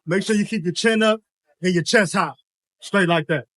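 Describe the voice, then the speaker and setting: A man's voice: high voice, normal speed. A young man giving casual workout instruction in a gym, laid-back and slangy, constantly checking in with tag questions. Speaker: fitness coach.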